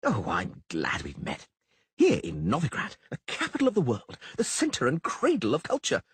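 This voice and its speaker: A man's voice: medium pitch, wildly swooping pitch, normal speed, a bit bright, slightly rough, no room sound, voice pushed up, exaggerated voice. A man voicing a vain, flamboyant young bard with a theatrical manner in an audiobook. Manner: theatrical, exclaiming. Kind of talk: audiobook character voice.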